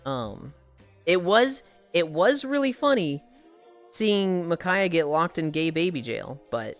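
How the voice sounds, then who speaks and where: A woman streamer chatting casually while walking on a treadmill, telling animated, profane stories and sounding tired. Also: fairly low pitch, slow, soft background music.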